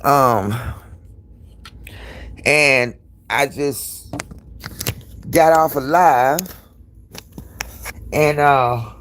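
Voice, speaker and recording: A man's voice: mid-range voice, extremely slow, long pauses, fairly bright tone, slight background noise. A man hosting a live stream in casual, candid chat, rambling and swearing freely. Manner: candid, profane, rambling storyteller.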